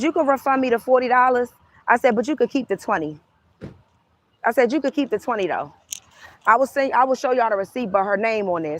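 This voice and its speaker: A woman's voice: a little high, no room sound. A young adult woman, a tarot reader, telling a casual storytime rant, heated and profane, acting out both sides of an argument.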